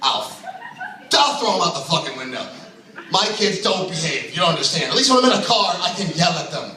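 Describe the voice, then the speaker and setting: A brash male stand-up comic with a bright, high voice that swoops up and down as he jokes, chuckling at his own lines. He is picked up from far off in a very echoey club room. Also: very animated, a little fast. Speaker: stand-up comedian. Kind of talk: open mic stand-up. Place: comedy club stage.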